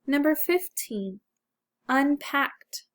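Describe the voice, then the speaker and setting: Slow-speaking woman teaching phonics. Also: high-pitched, expressive. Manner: slow, clear, encouraging teacher talk. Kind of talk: phonics lesson for children.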